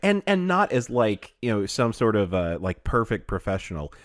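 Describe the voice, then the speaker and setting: A man's voice: on the low side, sing-song, normal speed, no echo, studio quality. A man co-hosting a podcast in casual chat, rambling with many restarts and laughing often. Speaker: podcast co-host.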